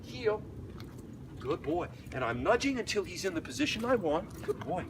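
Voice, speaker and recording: A man with a fairly high, lively voice teaches a leash lesson outdoors, talking through each step and cheerfully praising the dog between explanations. He sounds a bit away from the mic, with plenty of outdoor noise around him. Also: moderate pace. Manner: explains while walking, breaks off to praise the dog in a light voice. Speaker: dog trainer. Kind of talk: outdoor training demonstration. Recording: distant mic, noisy outdoor.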